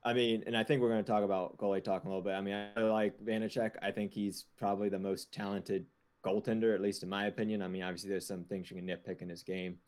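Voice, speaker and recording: A man's voice: lowish voice, little pitch movement, fast talker, a little mellow. A man on a podcast panel in casual sports chat, hesitant and leaning on "um" and "I mean".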